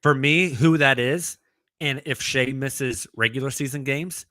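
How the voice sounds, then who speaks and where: A man co-hosting a sports podcast in casual chat, thinking out loud as he goes. His voice is bright and forward. The sound is close and dry. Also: medium pitch, a little slow, no echo. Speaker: podcast co-host.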